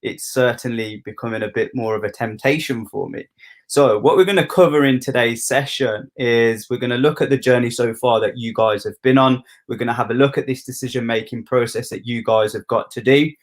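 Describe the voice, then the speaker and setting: A man's voice: mid-range voice, fairly quick. A man with a Birmingham accent hosting a university live stream, chatty and jokey. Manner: jokey, informal. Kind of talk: casual chatty presenting.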